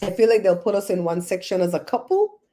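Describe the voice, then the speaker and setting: A woman's voice: medium pitch, fast talker, dark tone. A woman hosting a casual livestream, chatting with viewers by name and laughing often. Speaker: livestream host.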